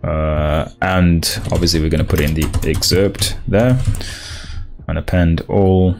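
A young man with a very low voice talks his way through a coding stream, thinking aloud and often restarting his sentences. Faint music plays behind him. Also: steady tone, creaky, darkish tone. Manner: thinks aloud, halting restarts, laughs along with chat. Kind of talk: casual live-coding stream.

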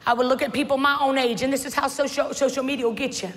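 High-voiced woman preaching loudly. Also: fast. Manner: animated, humorous, shouting preacher. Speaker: pastor. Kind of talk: sermon. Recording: church hall reverb with faint crowd.

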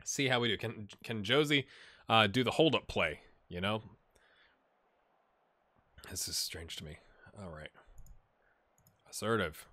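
A man with a bright, forward voice talks through his football management game in a close, dry sound. He muses aloud over menus, then lifts into quick, excited play-by-play as the action unfolds. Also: fairly low pitch, dry recording. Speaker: gaming channel host. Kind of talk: casual gameplay commentary.

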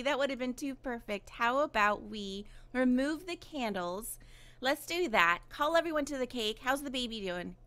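Bubbly high-voiced young woman gaming. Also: fairly bright tone. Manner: bubbly, gushing, squeals with delight. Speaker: gaming YouTuber. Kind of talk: casual let's-play commentary.

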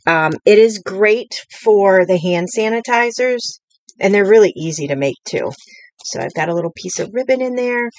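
A woman's voice: medium pitch, expressive, moderate pace, dry recording. Chatty woman hosting a live craft stream. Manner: chatty, rambling, many fillers. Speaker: craft demonstrator.

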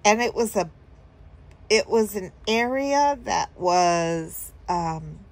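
A woman's voice: mid-range voice, animated, slow pace. A woman telling a story casually to her viewers, rambling with fillers and chuckling now and then. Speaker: vlogger.

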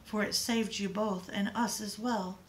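A woman's voice: medium pitch, steady tone, unhurried, lightly acted. A woman voicing a loving mother who speaks tenderly and emotionally.

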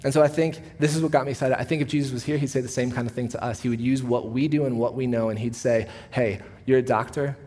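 A man who is a pastor, preaching a sermon in a church auditorium. He talks in a relaxed, conversational way, telling stories with a joking edge. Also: mid-range voice, very fast, hardly any pauses. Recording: long reverb of a church hall.

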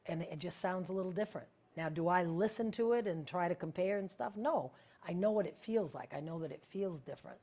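A woman teaching spiritual practice in a casual, meandering way, often searching for words and sometimes dropping to a hush. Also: on the low side.

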